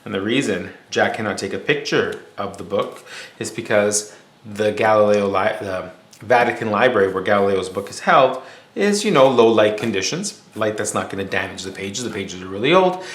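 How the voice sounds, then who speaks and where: A man's voice: lowish voice, animated, moderate pace. A male teacher telling a story in a casual, explanatory way as a lesson. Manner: casual, explanatory, with fillers and restarts. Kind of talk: storytelling lecture. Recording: echoey room with faint hum.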